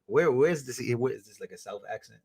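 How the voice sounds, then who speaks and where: Excitable man reacting to clips. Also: medium pitch, fairly quick, a crowd in the background. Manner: excitable, full of fillers and repeats. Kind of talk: casual reaction commentary.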